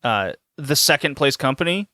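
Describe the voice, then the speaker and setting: A man hosting a podcast, telling a story in a casual, animated way with lots of laughs and restarts. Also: medium pitch, moderate pace, dry recording, clean studio sound. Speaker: podcast host.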